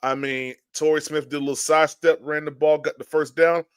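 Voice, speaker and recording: A man hosting a fan podcast, telling stories in a lively, casual way with many restarts and greeting chat viewers. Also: fairly high pitch, brisk, clear, resonant tone, no room sound, clean studio sound. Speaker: podcast host. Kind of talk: casual live-stream chat.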